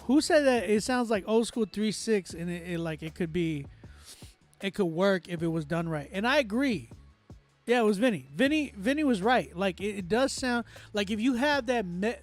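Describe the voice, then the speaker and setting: High-voiced male producer critiquing tracks. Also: expressive, moderate pace, soft background music. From Texas. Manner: loose and talkative, laughs often, restarts, reads chat comments aloud. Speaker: music producer and livestream host. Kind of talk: casual livestream critique, reading chat.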